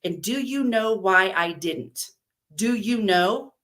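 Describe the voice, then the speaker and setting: A woman reading a live story, voicing an exhausted woman whose clipped, bitter talk rises toward shouting. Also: mid-range voice, animated, slow pace. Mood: raw fury. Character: furious exhausted woman at breaking point.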